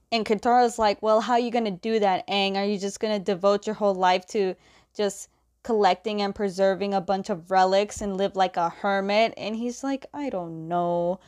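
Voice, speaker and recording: A woman's voice: medium pitch, a little mellow. Woman doing a casual comic recap, lots of "he's like" quoting, some ums and restarts. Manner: retells scenes with quick quoted lines of dialogue; chatty, with fillers and self-corrections.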